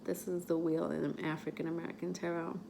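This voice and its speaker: A woman giving a casual tarot reading to her viewers, chatty and halting, with many fillers as she reads card texts aloud. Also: lowish voice, flat delivery, creaky, mellow, a little hiss or hum. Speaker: tarot reader.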